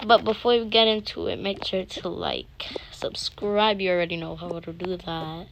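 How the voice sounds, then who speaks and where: A woman's voice: fairly low pitch, animated, moderate pace, slight background noise. A woman hosting her own channel, narrating a toy doll-play story in a chatty, rambling way with frequent restarts.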